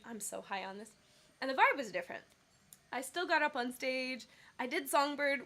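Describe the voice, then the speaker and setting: A woman's voice: high voice, moderate pace, sharp tone. A woman singer telling a rambling story on her casual livestream, with many fillers and self-corrections. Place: Bali.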